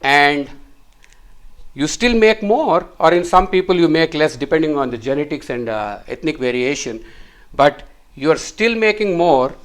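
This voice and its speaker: A middle-aged male physician gives a whiteboard lecture. His voice sits a little high, and he walks through the chart patiently while he draws it, repeating words to hammer a point home. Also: expressive, normal speed. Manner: explains step by step while drawing, repeats words for emphasis. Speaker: physician teaching.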